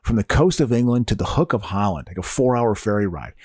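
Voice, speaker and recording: Man, casual podcast chat, animated pitch, stammering, laughs often, dry close sound. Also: fast talker, slightly rough, no echo. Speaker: podcast co-host.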